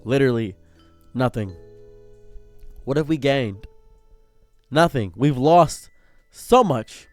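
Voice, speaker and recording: A man's voice: mid-range voice, expressive, slow pace, long pauses, faint music behind. A young man streamer in an emotional commentary rant, swinging between anger and holding back tears. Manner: impassioned, swinging from angry to near tears.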